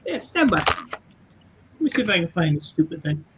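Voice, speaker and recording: A man with a high voice keeps up quick, teasing banter in a casual livestream chat. His audio is dull and lo-fi with a faint hiss. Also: very animated.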